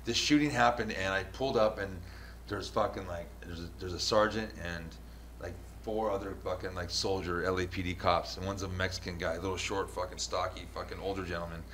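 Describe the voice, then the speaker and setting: A man's voice: low-pitched, fairly even intonation, quick pace, a bit bright. Profane storytelling man in an echoey room. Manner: profane, storytelling, laughs often. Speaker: show host and news videographer. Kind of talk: casual podcast chat. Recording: echoey room with faint noise.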